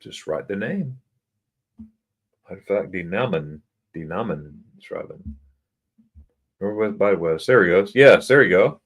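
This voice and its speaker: An American man hosting a casual livestream chat, reading viewer comments aloud and slowly sounding out German words. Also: deep voice, lively intonation, breathy edge. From United States. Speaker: livestream host. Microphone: computer mic for a livestream.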